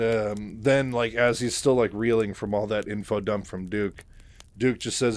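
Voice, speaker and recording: A man's voice: on the low side, fairly even intonation, measured pace. A man casually retelling a novel's story, rambling with many fillers and chuckling at his own asides.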